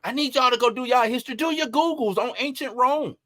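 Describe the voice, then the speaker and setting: A man hosting an entertainment news commentary, talking in an animated, emphatic way and piling up rhetorical questions. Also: very high voice, fast talker, no room sound, clean studio sound. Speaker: host.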